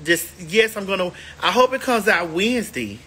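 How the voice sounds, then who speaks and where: A woman's voice: medium pitch, lively intonation, normal speed, a bit bright, breathy edge. A woman hosting a casual livestream, chatting to viewers in a sassy, emphatic way, stretching words out for effect. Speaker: livestream host.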